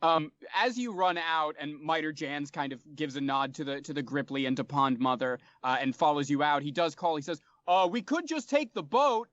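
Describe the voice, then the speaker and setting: A man narrating as game master of a tabletop game, relaxed and full of fillers. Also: fairly high pitch, a little fast, hardly any pauses, no echo. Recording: dull, dry sound.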